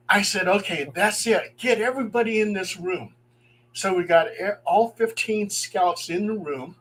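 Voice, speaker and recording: Lively man telling ghost stories. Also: sits high, a little slow, husky, low-quality recording. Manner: animated, acts out quoted voices, chuckles as he talks. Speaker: paranormal investigator and guest storyteller. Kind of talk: telling true ghost stories on a live stream.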